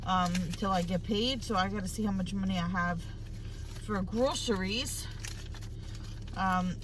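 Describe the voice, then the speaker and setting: A woman's voice: mid-range voice, fairly bright tone, slight background noise. A woman, rambling and repeating herself as she chats to the camera in a casual vlog. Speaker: vlogger. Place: at home, then in her car.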